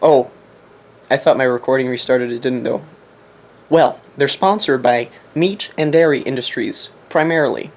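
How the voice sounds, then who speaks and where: A young man vlogging from his apartment, joking in a deliberately ridiculous put-on accent and sermonizing in mock-serious fashion. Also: medium pitch. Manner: jokey, mock-preachy, laughs at himself. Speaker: competitive game player vlogging. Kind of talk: casual comedic monologue.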